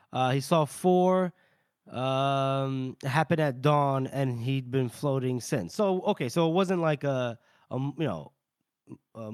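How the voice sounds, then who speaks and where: The speaker is a male podcast co-host with a smooth, medium-pitched voice, recorded dry in a clean studio. In a casual book recap, he walks through the novel's chapters, performing short character bits and laughing frequently.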